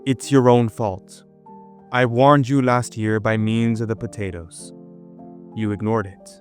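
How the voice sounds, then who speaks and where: A man reading the lines of a weeping heavenly woman who gives warnings, in a slow, grave and solemn way. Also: lowish voice, soft background music, lightly acted. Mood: sorrowful.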